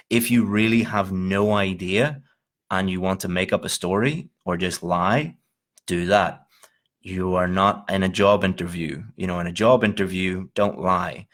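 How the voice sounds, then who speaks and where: Deep-voiced man teaching exam tips. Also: a bit bright. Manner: informal and encouraging, with frequent "you know" and small laughs. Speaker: IELTS teacher. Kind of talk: recorded lecture.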